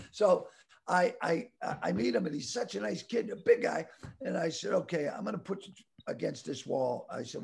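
A middle-aged man from the Boston area telling a rambling story with stammering restarts and animated voices. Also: on the high side, gravelly. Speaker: comedian guest telling a story. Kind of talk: casual storytelling.

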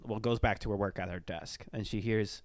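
A man's voice: lowish voice, fairly quick. A young man telling a ghost story in casual podcast chat, rambling, with lots of fillers. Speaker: storyteller, former tour guide.

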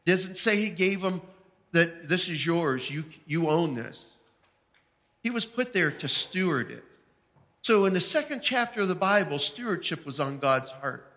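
A man's voice: sits high, animated, measured pace, pushed and bright. A man preaching a sermon, telling his own story with emphatic, heartfelt delivery. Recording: long hall reverb.

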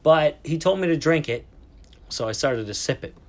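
A man's voice: on the high side, expressive, normal speed. A man in his thirties casually telling a travel story, rambling and swearing, with lots of fillers and restarts.

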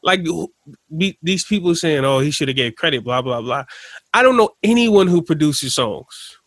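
A man co-hosting a podcast in casual chat, telling stories in a rambling, animated way. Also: on the high side, moderate pace, dry recording. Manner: rambling, animated storytelling with laughs. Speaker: podcast co-host.

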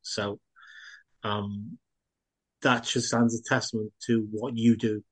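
A man hosting an interview, chatting casually with dry, self-mocking humor and wrapping up briskly. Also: fairly low pitch, flat delivery, husky. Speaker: host and writer.

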